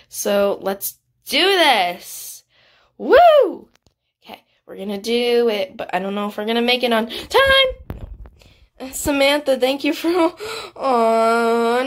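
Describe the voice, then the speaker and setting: A female YouTuber giving casual gameplay commentary, excitable and giggly, gasping and chatting straight to her viewers. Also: mid-range voice. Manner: excitable and giggly, gasps and squeals; chatty, speaks directly to viewers. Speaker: gaming YouTuber.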